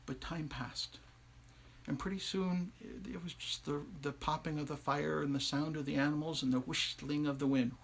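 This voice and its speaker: A man telling a folktale live, conversational and animated, with asides to his listeners. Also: fairly high pitch, normal speed, gravelly. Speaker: storyteller. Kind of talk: oral folktale telling on a livestream.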